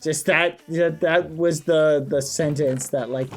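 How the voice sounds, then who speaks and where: A young man live-streaming a game, chatting playfully with viewers, excitable and self-mocking, with quick yelps. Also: a little high, soft background music. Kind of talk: casual game livestream chat.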